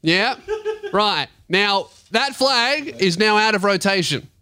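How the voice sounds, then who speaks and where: An Australian man hosting a comedy podcast, loud and joking, teasing his co-host and swearing freely into a studio microphone. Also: high voice, lively intonation, slow, no echo. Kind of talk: crude comedic podcast banter.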